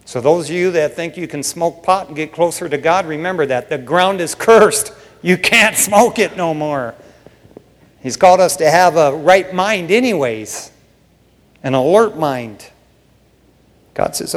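High-voiced man preaching in a reverberant hall. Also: unhurried. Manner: casual preaching, acts out voices in Bible stories; swings between hushed emphasis and raised excitement. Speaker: pastor. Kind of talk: sermon.

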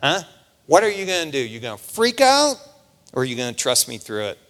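A middle-aged pastor with a mid-range voice preaches a sermon at a fairly quick pace, animated and conversational, peppering his lines with "man." The recording carries the long reverb of a large hall.

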